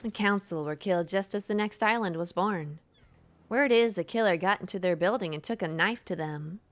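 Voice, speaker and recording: A woman streamer reading a game's dialogue and text aloud in a plain, even way. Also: medium pitch, normal speed.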